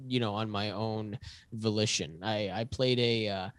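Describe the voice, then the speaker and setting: A man, an actor, chatting as a podcast guest, telling stories in a relaxed way with self-deprecating jokes. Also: fairly low pitch, measured pace, smooth, no room sound. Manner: laid-back storytelling with self-deprecating jokes. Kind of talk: casual chat.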